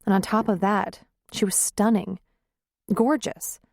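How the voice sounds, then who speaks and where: Woman narrator for a romance audiobook, mid-pitched, measured, dry close sound. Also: fairly even intonation, creaky, darkish tone, no echo. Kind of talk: scripted narration.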